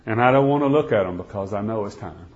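A man preaching a sermon, telling a first-person story, swinging from loud pleading to hushed, near-whispered lines. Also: on the low side, expressive, quick pace. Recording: dull lo-fi recording.

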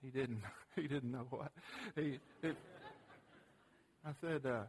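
A man's voice: mid-range voice, slightly rough. A middle-aged man teaching a parenting class, plain-spoken and folksy, telling a family story with casual grammar and frequent restarts. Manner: halting restarts when animated. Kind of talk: folksy teaching talk with audience questions.

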